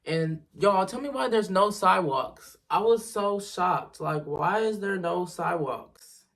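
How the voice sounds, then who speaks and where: A woman telling a story to her viewers in a casual storytime video, animated and swearing freely. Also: mid-range voice, a little slow, recorded from a distance. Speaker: storyteller vlogger.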